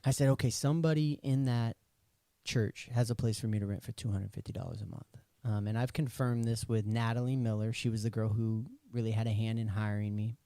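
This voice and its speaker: A man's voice: on the low side, fairly even intonation, brisk, mellow, no room sound. A young adult man telling a personal story as a podcast guest, acting out the dialogue in it. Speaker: podcast guest, recording artist. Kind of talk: casual storytelling interview.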